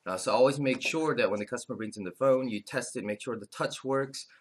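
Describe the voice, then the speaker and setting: A man's voice: mid-range voice, a little fast, slight background noise. A man explaining phone screen repair as an instructor, talking casually with lots of "uh" fillers and restarts. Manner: filler-heavy, frequent "uh" restarts. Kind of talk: casual tutorial talk.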